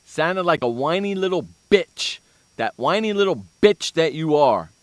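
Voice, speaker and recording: A male sports talk host tears into a target with theatrical scorn, his voice sitting a bit high. The sound is dry and close, with no room around it. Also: expressive, measured pace, no echo. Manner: mocking, insulting, loud bursts. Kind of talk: comedic sports talk rant.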